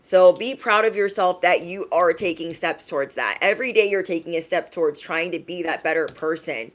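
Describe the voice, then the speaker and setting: A young adult woman giving a casual livestream tarot reading in a frank, emphatic way, often tagging her points with a quick question. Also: lowish voice. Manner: emphatic, frank, tags lines with "okay?". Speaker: tarot reader.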